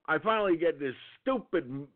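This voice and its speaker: A man's voice: on the high side, expressive, moderate pace. A man hosting an internet radio show, telling a profane, angry story in a ranting monologue. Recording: tinny phone-line sound.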